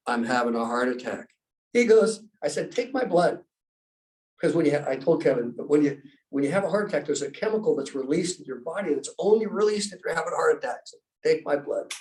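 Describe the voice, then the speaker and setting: A man's voice: fairly high pitch, darkish tone. A man telling a story casually in conversation, laughing as he goes and acting out the other people's lines. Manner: chatty, laughs while telling stories, acts out dialogue. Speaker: guest speaker. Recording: distant from the mic.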